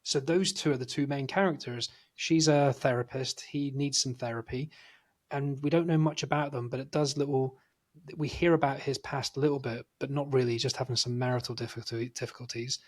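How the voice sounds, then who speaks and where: Animated man chatting about films. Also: medium pitch, fairly quick. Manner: animated storyteller, swears freely. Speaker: podcast co-host. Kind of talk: casual film review chat.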